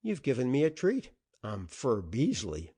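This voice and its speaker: A man's voice: medium pitch, huge pitch swings, unhurried, warm tone, breathy edge, full character voice. A man reading an audiobook, voicing a cordial, eager young male newspaper reporter. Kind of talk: audiobook character voice.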